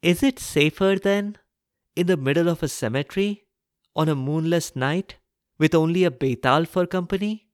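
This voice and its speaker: The podcast narrator voicing a sharp-tongued grieving widow who argues pertly. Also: medium pitch, normal speed, smooth, no echo, clean studio sound, natural voice. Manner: pert, argumentative. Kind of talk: storytelling podcast.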